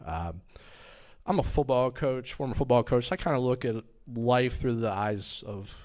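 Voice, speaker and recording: A man's voice: mid-range voice, normal speed, a little mellow, low-quality recording. A man in his fifties telling stories in a stand-up comedy set, rambling and hesitant, with a self-deprecating manner. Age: 50s. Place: small comedy venue.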